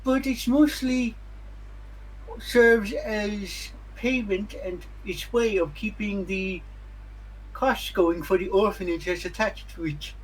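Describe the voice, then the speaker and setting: A man's voice: high-pitched, slow, poor audio. Guy dm'ing a tabletop game, playful answers, bit of background hiss. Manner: playful, answers players' questions. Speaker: dungeon master.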